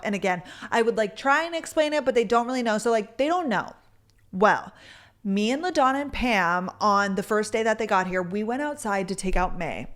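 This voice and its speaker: With a mid-range, fairly bright tone, a content creator tells stories in casual chat to camera, sprinkling in lots of "like"s and acting out quotes in different voices. Audio comes from a camera mic.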